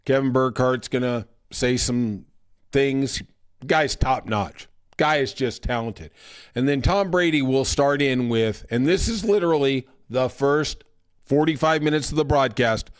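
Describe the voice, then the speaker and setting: A man's voice: medium pitch, measured pace, smooth. A man hosting a podcast, delivering a sarcastic, ranting monologue with mocking impressions. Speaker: podcast host. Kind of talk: casual opinion monologue.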